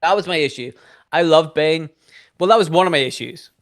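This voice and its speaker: A man co-hosting a casual film podcast, animated and acting out reactions as he talks. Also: on the high side, fairly quick. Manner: animated, acts out reactions in quotes. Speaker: podcast co-host.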